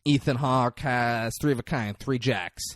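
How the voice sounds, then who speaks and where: A man's voice: medium pitch, a little slow, no room sound. A man retelling a film scene by scene on a podcast, swearing casually and breaking into the characters' voices. His voice sits mid-range and the sound is dry and close. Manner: animated storytelling with profanity and acted-out quotes. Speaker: podcast co-host. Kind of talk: casual chat recapping a movie.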